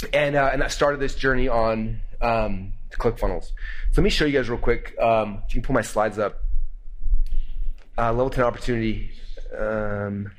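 A man telling a business story to an audience, animated, acting out what people said, with slides. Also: mid-range voice. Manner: excited, animated retelling with acted-out quotes. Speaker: speaker telling a founding story. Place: presentation room with slides.

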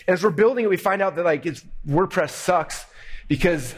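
A man telling a business story to an audience, animated, acting out what people said, with slides. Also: high voice, moderate pace. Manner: excited, animated retelling with acted-out quotes. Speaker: speaker telling a founding story. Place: presentation room with slides.

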